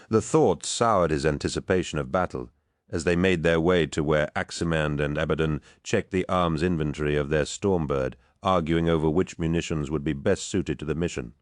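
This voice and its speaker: Brief: male audiobook narrator, extremely deep, bone-dry close studio read, measured. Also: no echo.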